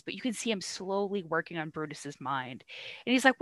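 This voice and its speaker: Casual gal retelling an old play, swears a lot, does little silly voices, dry close sound. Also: female voice, medium pitch, big pitch swings, brisk, a bit bright, dry recording. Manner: irreverent, swears, acts out characters in a slangy way. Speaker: podcast co-host.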